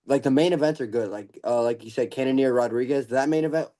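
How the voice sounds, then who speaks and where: A man's voice: mid-range voice, fast talker, dark tone. An eighteen-year-old man hosting a podcast, chatting eagerly like a fan. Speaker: podcast host. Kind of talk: casual interview chat.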